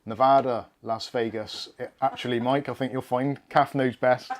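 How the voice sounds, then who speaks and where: A man with a Bristol accent chats casually on a tech livestream from his desk, surrounded by a laptop and cameras, joking and swearing freely. His voice is mid-range and steady, moving at a normal speed with few pauses.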